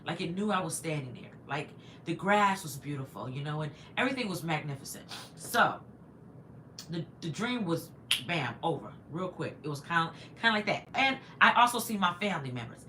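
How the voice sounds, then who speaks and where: Woman in her 50s rambling through a story on her live, lowish bright voice, faint hiss behind. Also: lively intonation, a little fast. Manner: chatty, digressive, reads viewer comments aloud. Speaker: livestream host. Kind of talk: casual livestream storytelling.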